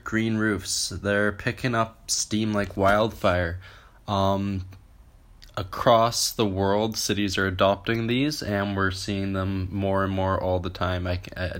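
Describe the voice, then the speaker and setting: A man's voice: fairly low pitch, a bit bright. A man hosting an advice podcast, talking casually with fillers and self-corrections while getting over a cold. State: recovering from a cold. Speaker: podcast host.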